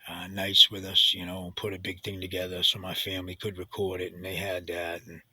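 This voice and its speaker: A middle-aged man telling a confessional personal story, halting and full of restarts, sometimes sinking to a hushed near-whisper. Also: deep voice, monotone, breathy edge, no room sound, low-quality recording. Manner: sinks to a hushed near-whisper at heavy moments. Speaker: storyteller recounting his own experience.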